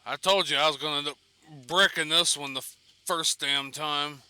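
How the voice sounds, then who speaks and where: A man's voice: fairly high pitch, fairly even intonation, normal speed, sharp tone, clear, resonant tone, no echo. A man giving casual, rambling gameplay commentary while streaming, swearing and laughing between asides. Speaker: gaming streamer.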